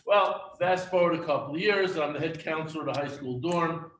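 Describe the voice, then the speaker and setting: A man's voice: fairly high pitch, a little fast, fairly bright tone. A middle-aged man telling humorous personal stories at a memorial gathering. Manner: humorous anecdotal storytelling. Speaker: eulogy speaker. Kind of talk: storytelling memorial speech. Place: synagogue hall. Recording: echoey hall from far off with faint noise.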